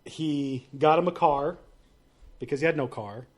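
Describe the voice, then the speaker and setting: Fairly high-voiced man guest, rambling anecdotes, casual podcast. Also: unhurried. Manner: rambling storyteller, laughs often.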